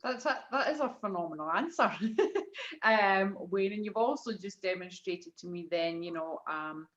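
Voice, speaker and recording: A woman hosts a casual business interview, asking questions with enthusiasm and pausing on frequent fillers. Her voice sits at an ordinary middle pitch. The sound is somewhat dull and muffled. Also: expressive, fairly bright tone. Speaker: host.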